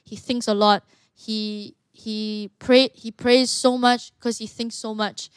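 A woman's voice: a little high, clear, resonant tone, dry recording. Young woman, casual interview guest, close dry mic. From Malaysia. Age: young adult. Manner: animated storytelling, quick asides. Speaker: guest, mixed martial artist.

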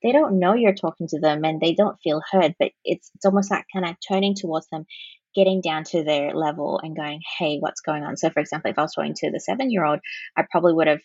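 A woman with a low, husky voice explains parenting advice in a conversational podcast interview. She often slips into the soft phrases she suggests parents use. The sound is dry and a bit dull, with little room echo. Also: fast talker. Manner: explains with demonstrated soothing phrases. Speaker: parenting counsellor guest.

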